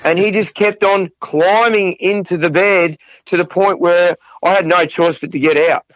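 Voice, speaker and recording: A middle-aged man recounts wild tour stories, swearing freely and laughing, his voice sitting a little higher than most men's. The sound is dry and close, with a dull, muffled lo-fi edge. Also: fairly even intonation, normal speed, fairly bright tone, dry recording. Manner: profane, laughing anecdotes. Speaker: podcast guest, drummer. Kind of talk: casual storytelling interview.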